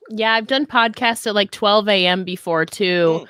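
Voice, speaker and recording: A woman's voice: mid-range voice, unhurried, fairly bright tone, smooth, no echo. A young woman guest on a casual video-call interview, rambling with lots of fillers and restarts. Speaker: interview guest, podcast host.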